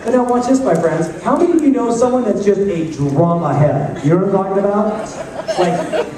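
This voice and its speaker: High-voiced man speaking in an echoey hall. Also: brisk. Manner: energetic, joking, asks the crowd questions. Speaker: motivational speaker. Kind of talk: live motivational talk to an audience. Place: large conference hall. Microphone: handheld camcorder in the audience. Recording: echoey hall taped from far off on a camcorder.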